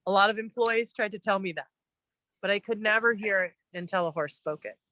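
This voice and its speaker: A woman's voice: mid-range voice, fairly quick, a little hiss or hum, rough recording. A woman equine-assisted coach, telling stories in a heartfelt, emotional way during a live online talk. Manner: emotional, storytelling, animated.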